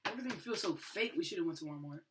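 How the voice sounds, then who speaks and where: A woman chatting excitedly and slangily in a casual vlog while she has a cough. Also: on the low side, fast. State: has a cough, eating a cough drop. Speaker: vlogger. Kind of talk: casual chat. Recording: noisy home video recording.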